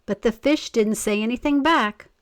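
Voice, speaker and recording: A woman reading a children's story aloud in an expressive way, stopping to ask the listener questions. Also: on the high side, normal speed, dry recording. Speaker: story reader.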